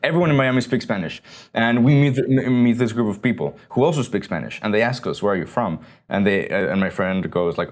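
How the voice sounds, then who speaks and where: Podcast guest, young man from Mexico, animated storyteller, self-mocking humor. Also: fairly low pitch, fast talker. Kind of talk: casual podcast chat.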